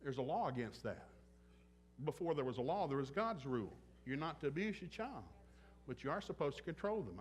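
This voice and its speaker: With a fairly high voice that swings widely in pitch, this pastor delivers his sermon a little fast, and a slight hiss or hum sits under the recording. He's joking and blunt, bringing his anecdotes to life by voicing the other people in them.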